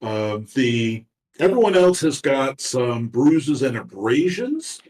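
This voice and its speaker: A man narrating a tabletop game as game master, talking haltingly with many fillers and restarts. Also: medium pitch, sing-song, darkish tone. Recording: roomy echo, far from mic.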